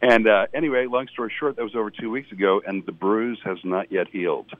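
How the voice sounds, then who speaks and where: A male comedian telling a wry, deadpan story as a radio guest. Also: on the low side, brisk, no echo. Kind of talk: casual anecdote on radio. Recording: dull lo-fi radio sound.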